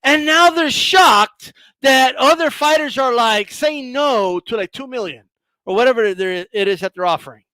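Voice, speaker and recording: High-voiced man ranting bluntly on a live stream. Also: normal speed, clear, resonant tone, no room sound. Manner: animated, blunt, swears, sarcastic, rising to shouts. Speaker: boxing commentator and channel host.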